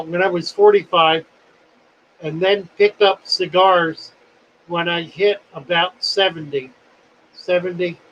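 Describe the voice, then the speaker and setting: A man in his seventies hosts a livestream in a casual, folksy, rambling and self-deprecating way, sounding phlegmy and coughing now and then. His voice is a little high, pushed and bright, on a muffled recording with slight background noise.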